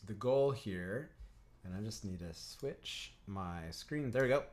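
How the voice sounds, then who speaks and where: A man who teaches didgeridoo and works as a counsellor gives a calm breathing lesson on a livestream. He speaks in an instructive way, often clears his throat and greets viewers in the chat. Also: lowish voice. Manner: chats with viewers in the live chat.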